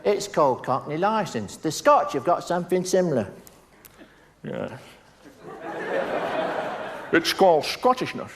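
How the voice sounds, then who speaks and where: A man's voice: on the high side, very animated, unhurried, long pauses, a crowd in the background, noisy background. A man with a Northern English accent doing self-mocking stand-up before a live audience. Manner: chatty, self-mocking, jumps into voices. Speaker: stand-up comedian. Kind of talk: stand-up comedy.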